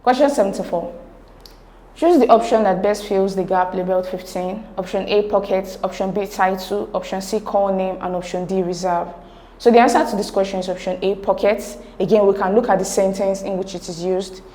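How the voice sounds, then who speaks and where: A woman's voice: medium pitch, fairly even intonation, fairly quick, dark tone. Woman tutoring through exam answers. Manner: methodical, reads each option aloud.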